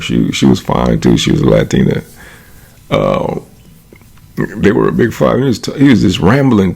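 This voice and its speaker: A man from California with a deep, gravelly voice rambles through a casual monologue. He is full of slang and swearing, and he keeps checking in with his listener while chuckling between stories. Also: darkish tone. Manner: slangy, profane, laughs often, repeats "you know what I'm saying". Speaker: vlogger.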